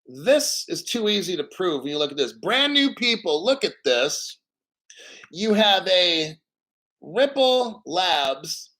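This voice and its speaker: A man with a high, sharp voice hosts a crypto livestream. He rants in a heated way, firing rhetorical questions and swearing often. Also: sing-song, slow, poor audio. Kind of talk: ranting livestream commentary.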